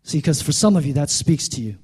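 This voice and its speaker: A man's voice: animated, brisk, a little mellow, husky. A middle-aged man preaching a sermon, building to calls at the congregation and dropping into joking asides. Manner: joking asides in a lower conversational voice. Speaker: pastor.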